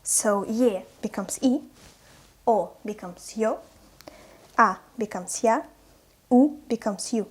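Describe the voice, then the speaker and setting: A woman's voice: on the high side, slow pace, long pauses. Woman teaching pronunciation. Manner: clear, demonstrative, repeats each example word. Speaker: language teacher. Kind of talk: pronunciation lesson.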